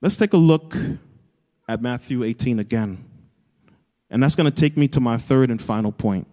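A man's voice: mid-range voice, moderate pace, mellow. Earnest man preaching in a big hall. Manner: earnest, builds to raised emphatic peaks. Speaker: pastor. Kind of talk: sermon. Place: church auditorium. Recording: long hall reverb.

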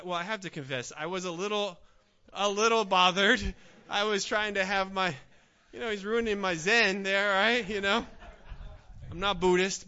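A man preaching a sermon as pastor, swinging from hushed, searching questions to loud, urgent appeals. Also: sits high, muffled recording. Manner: dynamic preaching, swinging from hushed pleas to near-shouts.

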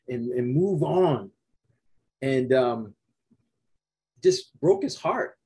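A middle-aged man preaching a sermon, retelling a scripture story in an earnest, unhurried way with many restarts. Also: a little high, darkish tone, breathy edge, low-quality recording. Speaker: pastor.

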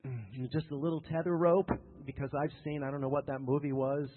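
A man's voice: mid-range voice, fairly even intonation, a little fast. A man preaching a sermon to a congregation, emphatic and repetitive, with joking asides. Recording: tinny lo-fi sound with long hall reverb.

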